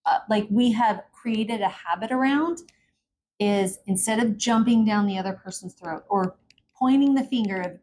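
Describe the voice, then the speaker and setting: A woman co-hosting a relaxed couple's podcast, talking things through with reflective candor. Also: medium pitch, moderate pace, slight background noise. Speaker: podcast co-host. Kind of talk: casual couple's conversation.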